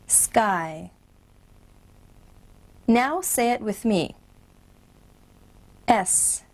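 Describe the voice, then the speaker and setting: A woman teaching phonics, slowly modeling each letter sound and word for learners to repeat. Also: on the high side, animated, a little mellow, poor audio. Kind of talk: scripted instructional narration.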